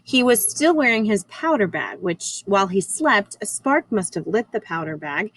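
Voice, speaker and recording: A woman teacher reads a chapter book aloud to her class. Her reading is measured and unhurried, with now and then a small slip. Her voice sits at a middling pitch. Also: very animated, a little hiss or hum, poor audio.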